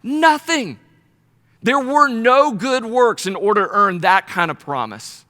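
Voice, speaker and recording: A man leads a Bible study in a casual, storytelling sermon, full of lively asides and playful voices. His voice sits high and bright. Long reverb from the hall trails behind each phrase. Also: measured pace. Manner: animated storyteller, slips into playful paraphrased voices.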